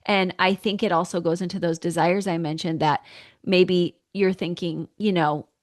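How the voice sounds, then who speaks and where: A woman's voice: on the low side, steady tone, normal speed. A woman hosting a podcast interview, encouraging her guests with frequent affirmations. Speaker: podcast host. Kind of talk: interview conversation.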